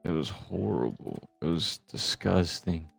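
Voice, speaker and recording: A man's voice: low voice, expressive, unhurried, vocal fry, husky, soft background music. A young man chatting casually while gaming, telling a long rambling story full of swearing. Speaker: gamer recording with a friend.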